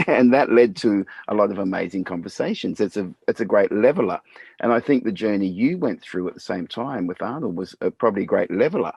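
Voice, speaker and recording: Laid-back Australian man, low husky voice. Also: animated, a little fast, darkish tone, no room sound. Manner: laid-back, easygoing, says "mate" often. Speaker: podcast host. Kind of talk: casual interview chat.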